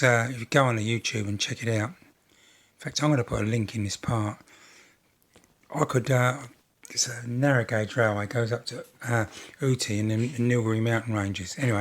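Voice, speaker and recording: Guy talking through a model build at his bench, middle-pitched voice, wanders off on jokey tangents. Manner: rambling, jokey asides, self-deprecating. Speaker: model railway builder and channel host. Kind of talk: casual workshop narration.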